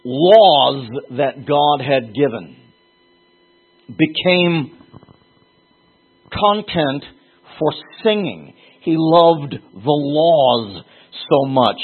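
Man, Bible teacher, conversational sermon, husky voice, phone-quality audio. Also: expressive, drawn-out words, pauses often. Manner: conversational, rises in pitch and volume when stressing points.

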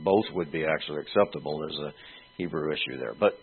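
A man preaching an expository sermon, teaching slowly and deliberately with pauses and fillers. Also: rumbling low, gravelly, breathy edge. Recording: tinny phone-like sound.

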